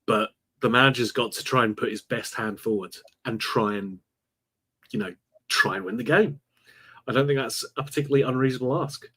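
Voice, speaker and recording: A man's voice: medium pitch, fairly quick, bright, forceful tone, breathy edge. Earnest man, podcast co-host. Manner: earnest, opinionated, frustrated about the manager. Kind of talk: casual football podcast chat.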